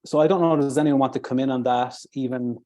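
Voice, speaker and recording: A man's voice: medium pitch, steady tone, fast talker, mellow. A man hosting a webinar, encouraging the panel and reading out audience comments. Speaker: webinar host.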